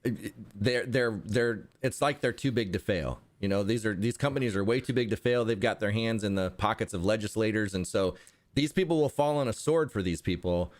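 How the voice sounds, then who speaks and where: A man, a guest in a casual interview, talking in a rambling way with halting restarts and dry humor. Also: on the low side. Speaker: interview guest, content creator. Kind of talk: casual conversation.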